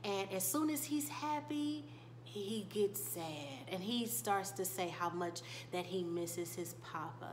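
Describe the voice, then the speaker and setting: A woman's voice: medium pitch, takes it slowly, a little hiss or hum. A young woman gossiping animatedly through a TV episode recap, with laughing asides, on a desk microphone. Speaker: TV show reviewer. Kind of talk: casual recap vlog.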